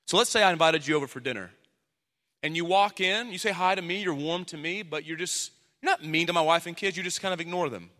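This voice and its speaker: A man in his thirties preaching a sermon as pastor, animated, acting out the voices he quotes. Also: on the high side, fast talker. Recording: long hall reverb.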